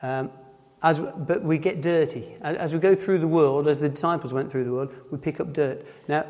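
A man with a Nottinghamshire accent giving an informal sermon in church, halting and often repeating words as he restarts. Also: a little high, darkish tone. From Nottinghamshire, England. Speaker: preacher. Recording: long hall reverb.

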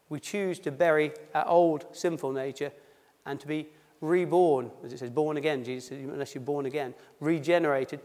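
Long reverb from a church hall surrounds a pastor whose voice is fairly high with a darkish tone. At this baptism service, he drops his H's, reads scripture, and then talks it through in plain, conversational words.

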